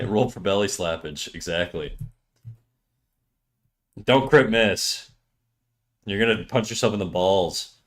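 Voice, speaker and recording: A man's voice: deep voice, slow pace, pauses often. A man in his thirties, a livestreamer joking casually with his chat while he draws, laughing often. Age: 30s.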